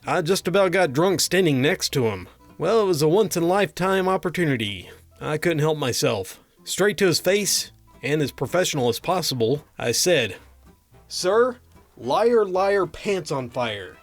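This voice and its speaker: A man's voice: on the high side, lively intonation, moderate pace, no echo, faint music behind. A man narrating a string of funny doctor and patient stories, with a dry comic delivery. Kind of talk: reading funny anecdotes aloud.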